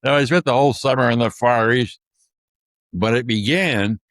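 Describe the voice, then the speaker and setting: An older man from the US Pacific Northwest, a guest author telling life stories in an interview, halting with many fillers and restarts. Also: mid-range voice, fairly bright tone, dry recording. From Tacoma, Washington. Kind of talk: storytelling interview.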